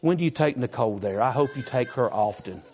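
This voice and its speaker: A man preaching a sermon in a folksy, emphatic way, jumping up in pitch to stress a point. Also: animated, fairly quick, a little mellow.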